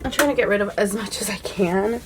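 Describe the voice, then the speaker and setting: A young adult woman chatting casually through a makeup declutter, full of "like" and dropping to a soft hush when admiring products. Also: mid-range voice, brisk, noisy background. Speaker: beauty vlogger.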